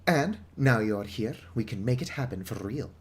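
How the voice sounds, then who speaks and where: A man's voice: mid-range voice, animated, moderate pace, lightly acted. A man voicing a chatty, gloomy older woman who runs a pub, in a put-on British accent with theatrical reading. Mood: grumbling.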